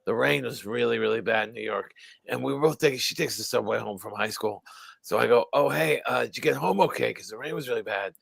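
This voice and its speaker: A middle-aged man from the US East Coast with a gravelly, fry-heavy voice talks in a dry, rambling way and often repeats words. He is a stand-up comedian on a live video chat. His voice is close to the mic with no room sound. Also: mid-range voice, fast, fairly bright tone, no room sound. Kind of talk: casual chat.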